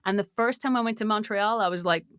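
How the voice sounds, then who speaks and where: Expressive woman in a casual chat. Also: medium pitch, fast, clean tone, no room sound, studio quality. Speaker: guest voice actor.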